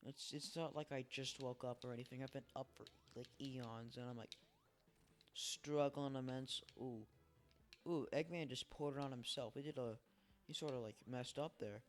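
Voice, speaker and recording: A man's voice: mid-range voice, steady tone, normal speed, faint music behind. A tired man giving casual, rambling, self-deprecating commentary while playing a game at his home setup on a desk microphone. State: tired, early morning. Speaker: let's play host.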